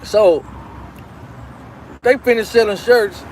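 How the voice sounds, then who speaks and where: A man's voice: high-pitched, slow pace, darkish tone, slight background noise. A man hosting his own show, telling a rambling, profane personal story in a casual, repetitive way. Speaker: show host.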